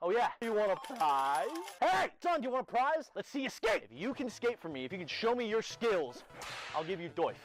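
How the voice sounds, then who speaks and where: A man voicing a creepy, unhinged skater who lives behind a dumpster, switching between wheedling and shouted threats, in a comedy sketch. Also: high voice, big pitch swings, brisk. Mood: menacing. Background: background music.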